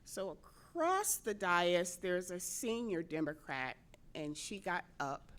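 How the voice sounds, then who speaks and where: This middle-aged woman, a state senator, speaks slowly in a lowish voice. Addressing a convention, she relates a personal story animatedly, often laughing and playing out others' words.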